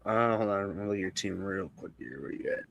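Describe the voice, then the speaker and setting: A man's voice: sits low, expressive, fast, gravelly, muffled recording. A man co-hosting a casual live stream, crude and teasing, laughing often. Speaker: co-host.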